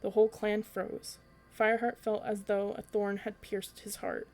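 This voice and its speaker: A woman reading a children's book aloud for a storytelling podcast, in an even way with an occasional slip and restart. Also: mid-range voice, moderate pace, soft background music.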